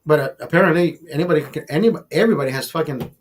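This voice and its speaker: A man's voice: a little high, very fast, husky. A man hosting a casual livestream, ranting emphatically with a lot of swearing, often calling his listeners brother and repeating words as he goes. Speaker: livestream host.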